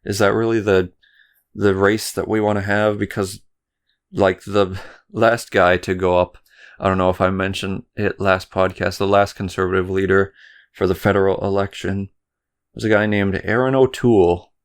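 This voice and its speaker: Casting: young male podcast host from Canada, deep, clean tone, rambling rant with frequent swearing. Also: level tone, normal speed, smooth. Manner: rambling, stumbles over words, swears often. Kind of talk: solo political commentary podcast.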